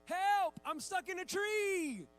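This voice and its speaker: A man voicing his three-year-old son, who whines in high, drawn-out cries that he is stuck and needs rescue. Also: expressive, a bit bright, full character voice. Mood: whiny pleading.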